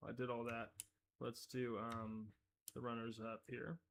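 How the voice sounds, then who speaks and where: Male streamer host with a gravelly voice, casual and rambling, often cutting himself off. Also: medium pitch, flat delivery, measured pace, a bit bright, a little hiss or hum. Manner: rambling, self-interrupting, easily amused. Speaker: showrunner hosting a live stream. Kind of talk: casual live-stream commentary.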